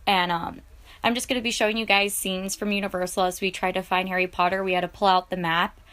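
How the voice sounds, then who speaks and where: A woman's voice: mid-range voice, little pitch movement, quick pace, fairly bright tone. A young woman vlogger narrating her travel footage in a chatty, gushing way, full of fillers. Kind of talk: casual vlog voice-over.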